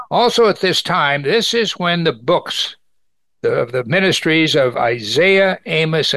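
Leading an evening Bible study, a man earnestly reads scripture aloud and raises his pitch to stress key points. His voice has vocal fry and is a bit bright, with no echo.

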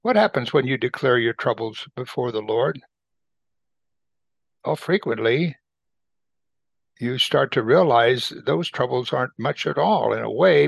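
Gravelly man teaching verse by verse. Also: medium pitch, dry recording. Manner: slow, deliberate reading that repeats phrases for emphasis. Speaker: Bible teacher.

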